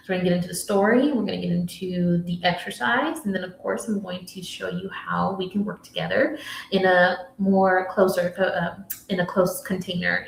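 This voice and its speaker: Spiritual coach, American woman, mid-range voice, earnest storyteller, recorded in a reverberant room. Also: medium pitch. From United States. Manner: earnest, storytelling, with soft hushed asides. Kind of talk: motivational talk to camera.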